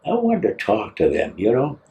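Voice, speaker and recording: An older man, a war veteran, telling his story in an oral history interview with a teasing, lively manner. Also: medium pitch, moderate pace. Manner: lively, acts out scenes, teasing.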